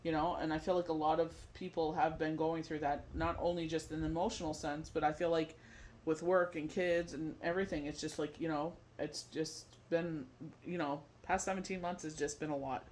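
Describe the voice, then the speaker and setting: A man with a notably high voice talks through a tarot forecast in a loose, rambling way. He leans constantly on "you know" and drifts between off-the-cuff chat and read-out card meanings, with a faint hiss of background noise underneath. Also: level tone, fairly quick, a little mellow. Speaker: tarot reader. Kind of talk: casual tarot forecast reading.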